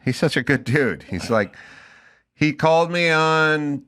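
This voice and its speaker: Here a middle-aged man with a fairly high-pitched voice hosts a podcast at a measured pace. Chatting casually, he tells stories with animation and plays both parties in the phone calls he recounts.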